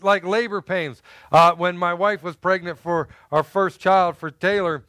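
A man's voice: sits high, normal speed, clean tone, no room sound, studio quality. A middle-aged man preaching a sermon, telling personal stories with humor and acting out the people in them. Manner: animated storyteller who acts out quotes and jokes with the congregation. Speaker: pastor.

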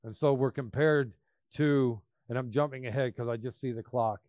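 A man preaching a sermon, emphatic, swinging between loud bursts and quiet asides. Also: medium pitch, steady tone, normal speed, no room sound.

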